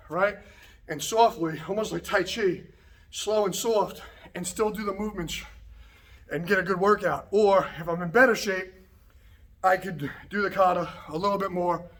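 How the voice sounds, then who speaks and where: Indoors in a martial arts practice space, a karate instructor speaks directly to the camera after a workout, his fairly high voice still a bit breathless. His casual instructional talk is relaxed and repetitive, peppered with "okay" and "right" as he keeps checking in with viewers.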